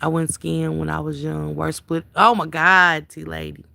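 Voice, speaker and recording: A woman's voice: low voice, little pitch movement, moderate pace, vocal fry, pushed and bright, dry recording. A woman hosting a casual livestream, reading viewers' comments aloud and chatting back to them by name.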